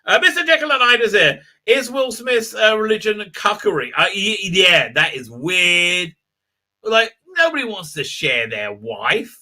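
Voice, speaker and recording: Excitable rambling man on a livestream. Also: high-pitched, unhurried. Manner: excitable, rambling, laughs often, many fillers. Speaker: livestream host reading chat. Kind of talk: casual live chat.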